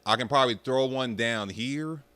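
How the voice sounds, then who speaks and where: A young man ranting casually to his viewers, swearing freely and mocking people in an animated way. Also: medium pitch, normal speed, no echo. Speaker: streamer talking about arcade rhythm games.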